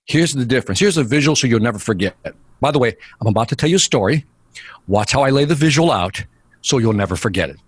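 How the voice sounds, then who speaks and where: A man telling sales stories in an interview, energetic and acting out quotes and scenes, with a husky voice. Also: mid-range voice, fast talker, no echo. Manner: energetic, acts out quotes and scenes, drops voice for dialogue. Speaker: sales speaker, interview guest. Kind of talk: animated storytelling in a podcast interview.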